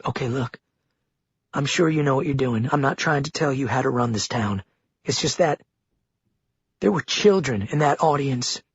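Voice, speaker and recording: A wary young woman survivor as a man voices her speaks softly and chooses each word with care. The voice stays close to the narrator's own husky tone, with little pitch lift. The recording is dry and a touch muffled, like a home-studio audiobook. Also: no room sound. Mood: guarded. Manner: careful, measured, quiet.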